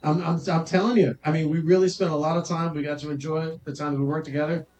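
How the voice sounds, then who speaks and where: A man's voice: on the high side, level tone, quick pace, a little mellow, low-quality recording. A man co-hosting a casual chat as the joke-cracking sidekick, stumbling through restarts. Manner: jokey, stammers on restarts.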